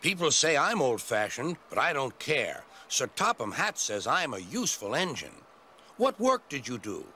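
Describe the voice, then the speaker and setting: A man's voice: medium pitch, sing-song, normal speed, sharp tone, slight background noise. A man voicing a kindly old steam engine in a children's cartoon, with a mild, fatherly manner. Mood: amused, kindly.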